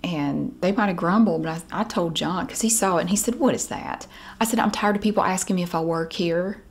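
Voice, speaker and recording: A woman's voice: fairly low pitch, fast. Chatty woman telling a wry story. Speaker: vlogger. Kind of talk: casual storytelling.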